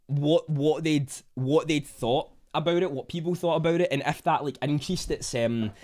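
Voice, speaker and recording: A young man with a Scottish accent chatting casually on a livestream, reading out viewer comments with bursts of excitement. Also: fairly high pitch, normal speed. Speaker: livestream host.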